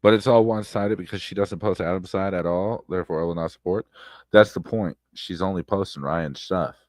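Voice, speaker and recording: A man with a very deep voice rants about online drama on his stream, swearing freely and circling back over his points. His voice sits close and dry on the mic, with no room around it. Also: a little fast, no room sound. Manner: blunt, swears freely, repeats himself, loud outbursts. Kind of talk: casual profane commentary stream. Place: home streaming setup.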